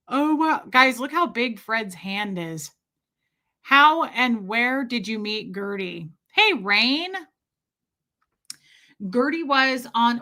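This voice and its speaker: A woman's voice: fairly high pitch, lively intonation, slow pace, long pauses, sharp tone. A woman hosting a casual livestream, chatty and gushing as she greets viewers by name. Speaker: livestream host. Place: Kansas City area.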